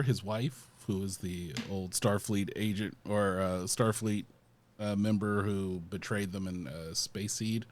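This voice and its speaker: A man's voice: fairly low pitch, unhurried. A man co-hosting a casual movie discussion, talking as an enthusiastic fan who retells scenes with energy. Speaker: podcast co-host.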